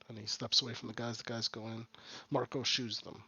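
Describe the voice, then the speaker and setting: A man's voice: mid-range voice, level tone, fairly quick, few pauses, bright, forceful tone, husky, no echo. A man narrating as game master of a tabletop game, in a rambling, filler-heavy way.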